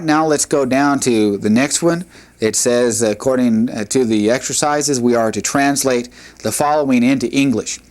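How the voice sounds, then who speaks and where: A man teaching a recorded language lesson, patient and methodical, often pausing with "uh" and "all right". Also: medium pitch, a little mellow.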